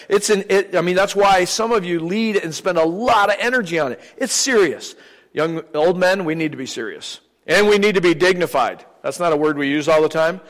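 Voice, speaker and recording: Older man, preacher, sermon, humorous and conversational, slightly high voice, long church-hall reverb. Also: fairly bright tone. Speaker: visiting preacher. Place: church sanctuary.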